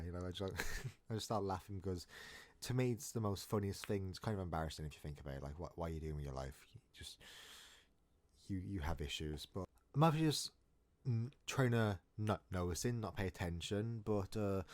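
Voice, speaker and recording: Guy, lowish voice, rambling comic storyteller who keeps restarting his sentences. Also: expressive, fairly quick, a little mellow. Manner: rambling and jokey, with frequent restarts. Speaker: storytime vlogger. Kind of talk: casual storytelling.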